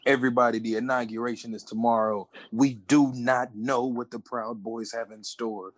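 A man's voice: medium pitch, level tone, normal speed, slight background noise. A man co-hosting a podcast in casual banter, laid-back and joking as he rambles. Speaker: podcast co-host.

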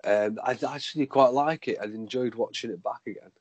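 Man, husky, low-ish voice, casual podcast chat, hesitant, dry close sound. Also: fairly quick, no room sound, muffled recording. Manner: hesitant, many fillers and restarts. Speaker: podcast co-host.

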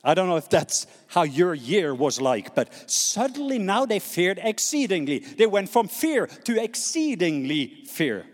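A man with a Norwegian accent preaching a sermon, animated and calling on the congregation to repeat words back. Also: high voice, a little slow, hardly any pauses, in a large hall. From Norway. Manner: animated preaching with call-and-response prompts. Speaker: pastor.

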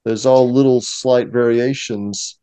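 A museum curator joins a discussion as a guest, speaking casually and with knowledge in a steady, explanatory manner. His voice is medium in pitch and slow, with slight background noise.

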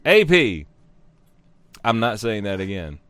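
A man's voice: on the low side, sing-song, slow pace, a bit bright, clean tone, no echo. Profane man riffing on odd news. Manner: profane, riffing asides between read-out headlines. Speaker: host reading odd news stories. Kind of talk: comedic news-reading chat with cohosts.

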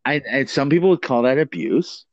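A man's voice: medium pitch, big pitch swings, moderate pace, dry recording. Male co-host, rambling profane storyteller, dry close sound, slightly dull. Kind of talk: casual chat.

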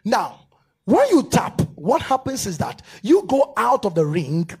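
A man's voice: sits high, unhurried, creaky, breathy edge. A male preacher giving a live sermon at a church service, directing volunteers and leading fervent prayer. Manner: animated, rising to fervent shouted prayer. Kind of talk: live sermon with a staged demonstration. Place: church service before a congregation.

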